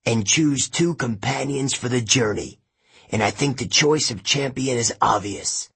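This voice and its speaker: A husky man reading a sneering, cruel old king in an audiobook. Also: medium pitch, unhurried, fairly bright tone, full character voice. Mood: grandly scornful. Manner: menacing, sneering storyteller. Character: cruel, scornful ancient male king turned camp director.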